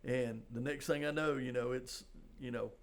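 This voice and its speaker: An older man, a police sergeant, telling a personal story in a halting, conversational way, full of "you know". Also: medium pitch, fairly even intonation, creaky. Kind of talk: storytelling in a podcast interview.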